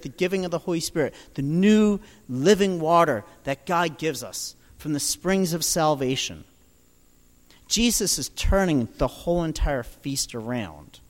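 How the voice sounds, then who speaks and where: A man preaching a sermon, building dramatically from quiet storytelling to loud proclamations. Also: on the high side, in a large hall.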